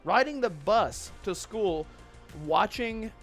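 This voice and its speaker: A man's voice: sits high, lively intonation, takes it slowly. A man hosting a casual gaming podcast, talking in rambling stretches and thanking viewers in chat. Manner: rambling, with restarts and chat shout-outs. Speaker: podcast host. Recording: faint music behind.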